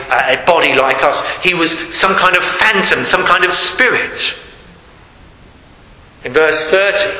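A man's voice: high-pitched, pushed and bright. Man, sermon, rhetorical questions, roomy echo, long reverb. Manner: reflective, asks rhetorical questions. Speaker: preacher. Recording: echoey hall.

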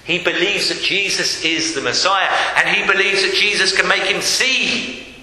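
Male preacher, bright ringing tone, slow deliberate delivery, long church reverb. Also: high-pitched. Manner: slow, emphatic, repeats key phrases. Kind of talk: sermon. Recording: echoey hall with long reverb.

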